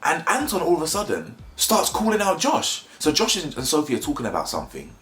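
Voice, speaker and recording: A man's voice: fairly high pitch, huge pitch swings, fairly quick, fairly bright tone, echoey room. A man giving a blunt, mocking, slangy review of a reality show in casual commentary.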